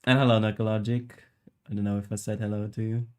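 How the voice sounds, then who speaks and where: A man's voice: lowish voice, little pitch movement, quick pace, clean tone. A man streaming live as he sculpts, rambling and joking with his viewers in a casual chat and swearing now and then. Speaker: livestreamer sculpting while chatting.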